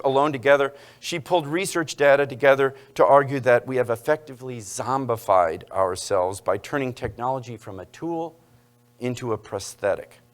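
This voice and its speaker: Male lecturer, mid-pitched voice, public talk with playful audience asides. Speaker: university lecturer. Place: lecture hall.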